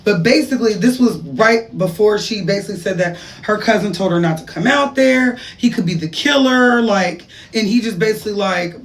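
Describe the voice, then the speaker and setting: A woman's voice: mid-range voice, fairly quick, hardly any pauses, distant mic. Chatty gossiping woman, slightly off-mic. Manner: gossipy, chatty, reads text messages aloud with laughing asides. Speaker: gossip commentator. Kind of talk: casual storytime commentary.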